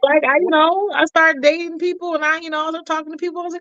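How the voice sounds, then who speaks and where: A quick, apologetic woman on a discussion panel with a high voice. She tells her story animatedly, and her dry sound is dull and lo-fi. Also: sharp tone, no echo.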